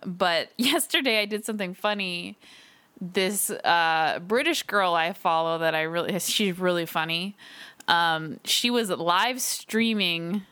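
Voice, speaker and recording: A woman's voice: on the low side, bright, forceful tone, clear, resonant tone. A woman co-hosting a podcast in casual chat, rambling and giggly with lots of fillers. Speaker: podcast co-host.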